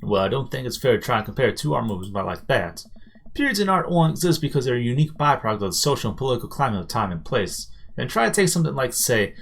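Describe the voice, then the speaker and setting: A man's voice: medium pitch, sing-song, fast talker, vocal fry, slightly rough, heavily acted. A man voicing a pompous, fervent male art teacher who lectures in lofty, wordy phrases. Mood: lecturing.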